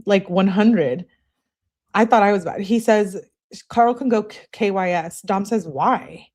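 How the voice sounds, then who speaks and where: Her voice sits in the mid range, a little slow and darkish, as she hosts her channel and reads case texts aloud. Along the way she welcomes viewers in a casual manner and adds crude, straightforward asides.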